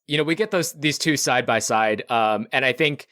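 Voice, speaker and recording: A man running a tabletop game as game master, narrating scenes in a relaxed, supportive way with frequent fillers. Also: mid-range voice, normal speed, no echo.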